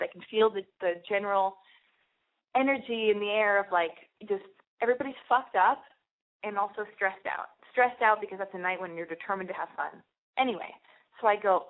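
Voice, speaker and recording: A woman's voice: medium pitch, moderate pace. A young woman hosting a call-in radio show, telling a long rambling story with lots of swearing and restarts. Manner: animated, profane, rambling with many restarts. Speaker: radio show host taking calls. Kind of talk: casual storytelling monologue. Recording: phone-like narrow band radio sound.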